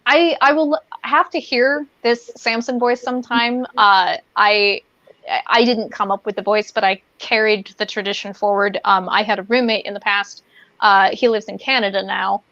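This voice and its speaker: A woman's voice: mid-range voice, fairly even intonation, normal speed, fairly bright tone, dry recording. A woman co-hosting a podcast, chatting casually in a playful, rambling way with many fillers. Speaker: podcast co-host. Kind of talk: casual chat. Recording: dull lo-fi, dry sound.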